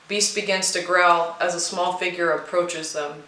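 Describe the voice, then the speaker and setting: Bright-voiced woman narrating a storybook. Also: lowish voice, moderate pace, few pauses, reverberant, rough recording. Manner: steady, expressive reading. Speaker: narrator and co-writer.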